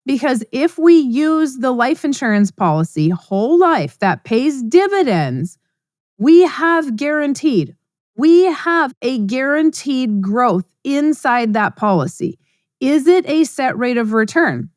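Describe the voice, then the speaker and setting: A woman's voice: high voice, big pitch swings, slow, a little mellow, no echo, clean studio sound. A middle-aged woman hosting a podcast, talking in a blunt, emphatic, conversational monologue. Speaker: podcast host. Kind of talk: casual monologue.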